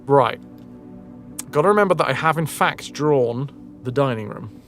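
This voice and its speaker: A man's voice: medium pitch, expressive, normal speed, fairly bright tone, faint music behind. A man with a Yorkshire accent streaming a game, chatting casually, musing aloud and answering his chat. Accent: northern English, Yorkshire. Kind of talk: casual live-stream chat while gaming.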